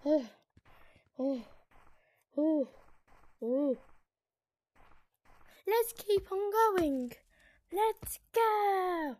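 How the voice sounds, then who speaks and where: A woman's voice: very high voice, lively intonation, extremely slow, long pauses, a little mellow, dry recording. A woman playing a game and narrating her own moves in a playful, sing-song way. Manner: playful, sing-song, breaks into shrieks and giggles.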